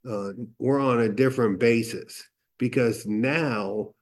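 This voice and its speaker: A man's voice: mid-range voice, takes it slowly. Man telling a candid recovery story. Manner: candid storytelling with quoted dialogue and fillers. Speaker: recovery meeting speaker. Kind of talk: personal testimony.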